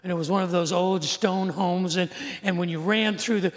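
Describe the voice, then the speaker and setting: A man's voice: sits high, fairly even intonation, moderate pace. A middle-aged man preaching a sermon as a pastor. He tells stories in a conversational way, asks the audience questions and slips in dry humor. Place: church sanctuary. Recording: long hall reverb.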